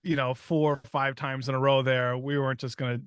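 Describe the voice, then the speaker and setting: A man co-hosting a casual gaming podcast, with a dry, offhand, halting delivery. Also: medium pitch, flat delivery, a bit bright, smooth, no room sound. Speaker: podcast co-host. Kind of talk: casual chat.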